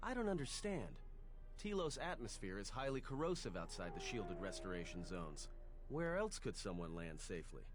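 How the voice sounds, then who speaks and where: A man's voice: fairly low pitch, very animated, normal speed, background noise. A man voicing a sarcastic young pilot in a video game, wry and exasperated. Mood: puzzled.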